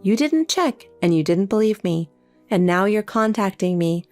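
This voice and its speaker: A synthetic woman's voice playing a calm, cold younger sister in a text story, with faint music behind. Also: mid-range voice, normal speed, natural voice. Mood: matter-of-fact. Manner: cold, matter-of-fact.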